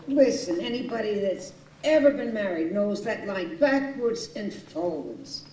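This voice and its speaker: A woman's voice: medium pitch, animated, measured pace, mellow, a little hiss or hum, natural voice. A woman acting a jaded household cook in a stage play, tossing out dry, sardonic quips. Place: small community theater stage. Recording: roomy stage sound from far off.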